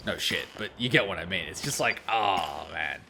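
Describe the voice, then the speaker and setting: A man hosting a casual game reaction video, excitable, swearing freely and laughing often. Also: deep voice, moderate pace, vocal fry, noisy background. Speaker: let's play host.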